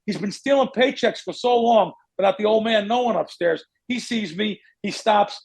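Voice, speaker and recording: A man's voice: high-pitched, moderate pace, creaky, breathy edge. A man hosting a betting podcast, telling long rambling stories in casual chat, cursing freely and drifting off on tangents. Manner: rambling storyteller who curses and goes off on tangents. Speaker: podcast host, sports bettor.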